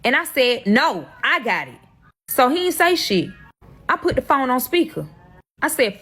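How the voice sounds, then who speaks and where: A woman's voice: high-pitched, big pitch swings, moderate pace, sharp tone, breathy edge. A woman telling her own drama story in a heated, profane, emotional storytime vlog.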